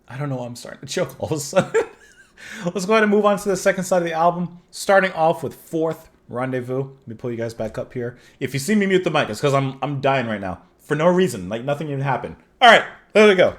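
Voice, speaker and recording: Man musing with a lively, swooping pitch. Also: fast talker. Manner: rambling, musing, chuckles at himself. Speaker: music reaction host. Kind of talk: casual reaction commentary.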